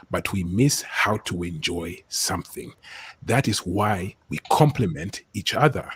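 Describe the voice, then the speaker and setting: A man with a West African accent, a panel guest speaking in measured, declarative pronouncements. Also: low voice, breathy edge. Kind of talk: lecturing opinion.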